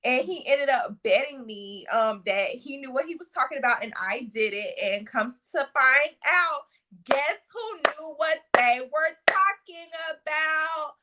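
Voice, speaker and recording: A woman's voice: high-pitched, measured pace, background noise. A woman co-hosting a podcast in casual chat, playful and teasing. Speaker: podcast co-host.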